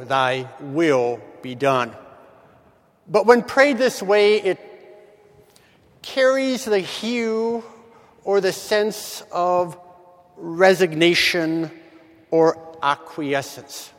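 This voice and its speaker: High-voiced man preaching in a hall. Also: animated. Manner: measured, emphatic, stretches key words slowly. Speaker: preacher giving a devotion. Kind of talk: morning devotional reflection.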